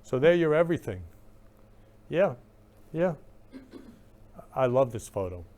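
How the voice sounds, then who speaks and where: A man's voice: medium pitch, sing-song, unhurried, darkish tone. A male talk-show host in live-stream chat, effusive and emotional, repeating loving greetings over and over. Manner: emotional, gushing.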